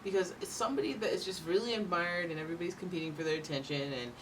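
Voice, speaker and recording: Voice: mid-range voice, fast talker, fairly bright tone, recorded from a distance, a little hiss or hum. A tarot reader giving a casual, rambling reading with playful asides.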